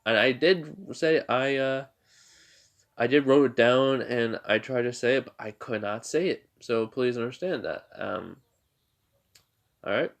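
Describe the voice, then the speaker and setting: A man casually retelling his own fan-made story, rambling and halting with lots of fillers and restarts. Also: mid-range voice, gravelly.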